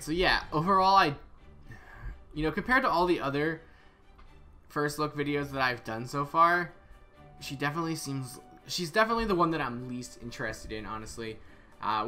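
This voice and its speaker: Bright-voiced man reviewing game stats. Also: medium pitch. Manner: casual, thinking aloud with hesitant repeats. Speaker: game content creator. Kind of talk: casual game character review.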